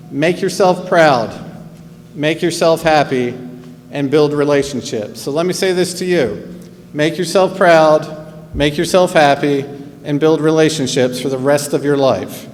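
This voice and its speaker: A man in his fifties with a New Jersey accent, giving a graduation speech as school principal in an earnest, measured way with pauses. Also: fairly high pitch, darkish tone. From New Jersey, USA. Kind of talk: commencement speech. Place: large auditorium or arena. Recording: long hall reverb, faint hum.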